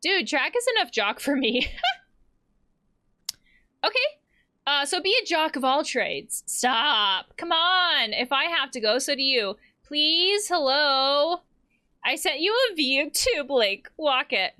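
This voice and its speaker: Bright, lively woman gamer. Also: high voice, slow pace. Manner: playful, laughs and swears between read-out lines. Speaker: therapist playing a video game. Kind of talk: casual gameplay commentary, reading text messages aloud.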